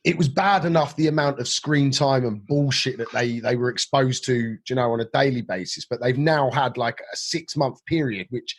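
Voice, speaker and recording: A man's voice: medium pitch, moderate pace, hardly any pauses. A middle-aged man hosting a podcast, talking informally and swearing casually. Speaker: podcast host.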